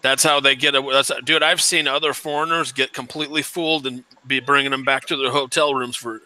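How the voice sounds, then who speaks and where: A man's voice: mid-range voice, steady tone, fairly quick, bright, forceful tone, low-quality recording. A man chiming in eagerly to agree and add advice in a casual chat.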